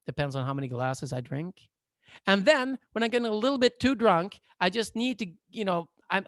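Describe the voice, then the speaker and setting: A man coaching a workshop over a video call, explaining in a playful, animated, joking way. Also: fairly high pitch, no echo, studio quality. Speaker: coach and therapist. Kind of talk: online workshop lecture.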